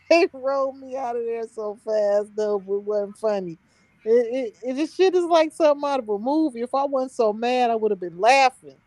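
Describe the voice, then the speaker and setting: A woman's voice: fairly high pitch, moderate pace, a little mellow, dry recording. A woman telling a story on a live stream in an emphatic, heated way, laughing between points.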